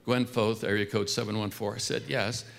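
An older man from California telling family stories, acting out the quoted voices with gentle humor. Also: on the low side, level tone, normal speed, creaky. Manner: warm-humored storytelling, acts out quoted voices. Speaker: speaker. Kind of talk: storytelling talk.

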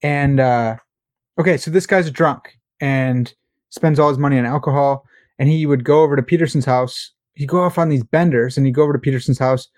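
A man's voice: mid-range voice, a little fast, dry recording, clean studio sound. A man co-hosting a casual podcast chat, talking animatedly and acting out quoted people. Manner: animated, acts out quoted voices. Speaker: podcast co-host.

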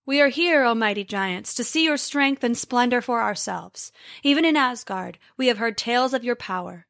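A woman voicing a cunning male trickster god with smooth, flattering speech in a storybook. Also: a little high, normal speed, dry recording, studio quality.

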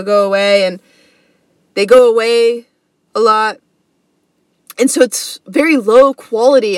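A woman's voice: medium pitch, no echo. A woman hosting a comedy podcast, telling a story in a slangy, earnest, casual way. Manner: slangy and earnest, says bro and dude.

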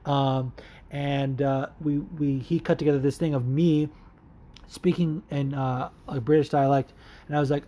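A man's voice: medium pitch, warm tone. A man hosting a casual solo podcast, rambling and swearing, with lots of restarts and fillers. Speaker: podcast host. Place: Los Angeles area.

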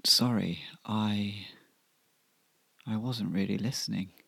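A man's voice: fairly low pitch, fairly even intonation, slow pace, vocal fry, bright, forceful tone, slightly rough, no room sound, full character voice. A man voicing a lovestruck, overly emotional suitor who stammers earnestly.

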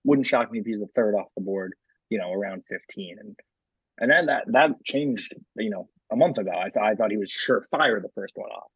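A man's voice: fairly low pitch, lively intonation, a little fast, husky, no room sound, muffled recording. A man co-hosting a podcast, chatting casually about sports and leaning on lots of filler words. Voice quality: frequent filler words and restarts. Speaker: podcast co-host.

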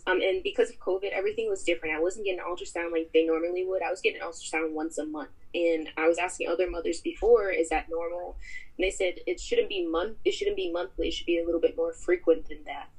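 A woman's voice: fairly low pitch, steady tone, fast talker, darkish tone, husky. A woman guest on a podcast, casually retelling a personal story over a phone call, rambling with lots of fillers.

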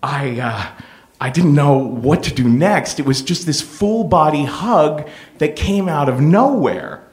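A middle-aged man hosting a podcast, telling a personal story in a playful, animated way. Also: fairly high pitch, slow pace. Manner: animated, playful, full of impressions. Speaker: podcast host.

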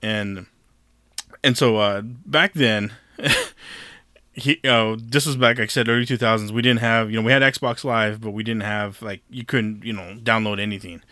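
A man with a bright, forceful voice tells a long story in a loose, casual podcast chat. He rambles and swears, and he stops often to restart his sentences with fillers. The sound is dry and close to the mic. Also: on the low side, fairly even intonation, normal speed, no echo.

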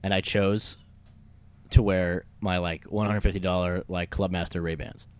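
A man's voice: low-pitched, level tone, moderate pace, clear, resonant tone. A young man casually telling a story, rambling with lots of fillers and swearing. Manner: rambling, many fillers and profanity. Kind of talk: casual chat.

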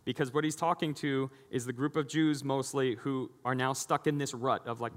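A man preaching in a big, reverberant hall. His sermon is animated and conversational, and he slips into other people's voices as he tells the story. His pitch sits in the middle range for a man. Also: moderate pace, few pauses. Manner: animated, acting out quoted voices. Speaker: pastor.

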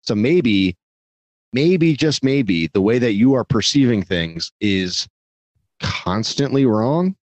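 A man's voice: mid-range voice, expressive, takes it slowly, dry recording. A man talking casually on a podcast, rambling, swearing freely and poking fun at himself. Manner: rambling, profane, self-deprecating. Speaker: podcast guest.

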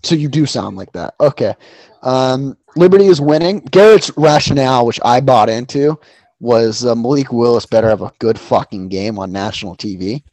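A man's voice: mid-range voice, normal speed, darkish tone, dry recording. Guy on a sports pod, swears a lot, rambles, dry close sound. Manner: loose, profane, rambling with fillers. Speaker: podcast co-host. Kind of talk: casual sports betting chat.

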